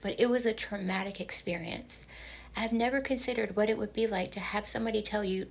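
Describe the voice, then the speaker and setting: A woman's voice: medium pitch, brisk, rough recording. Earnest woman reading from a study. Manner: earnest, reads quotes from a study aloud. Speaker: social media creator. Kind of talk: earnest social media commentary.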